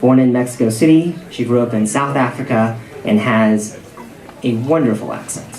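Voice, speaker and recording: A man's voice: medium pitch, moderate pace, crowd noise. A man hosting a literary event, reading a formal introduction with a few fillers. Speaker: event host. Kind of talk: introducing a speaker. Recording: echoey room.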